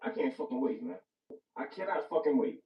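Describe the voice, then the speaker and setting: A man's voice: mid-range voice, big pitch swings, a little fast. A man reviewing a movie in casual chat, hyped and profane, repeating himself for emphasis. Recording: echoey room, distant dull mic.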